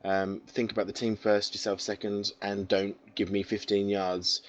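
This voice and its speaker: A man's voice: on the low side, level tone, moderate pace, lo-fi sound. A man co-hosting a casual sports podcast, talking in rambling bursts with restarts. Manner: rambling, many restarts and fillers. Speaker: podcast co-host.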